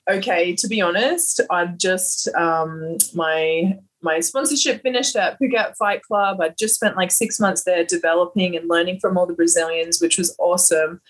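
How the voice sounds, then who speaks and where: A woman with an Australian accent and a husky, slightly breathy voice, talking as a podcast guest. She tells her stories in a blunt, animated way and swears freely. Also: fairly low pitch, normal speed, low-quality recording. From Queensland, Australia. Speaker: guest, fighter. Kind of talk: casual podcast interview.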